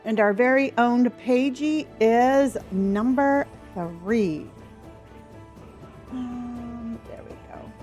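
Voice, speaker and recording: A woman's voice: fairly high pitch, extremely slow, darkish tone, faint music behind. Bubbly woman streamer greeting chat. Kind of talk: casual livestream chat. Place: home.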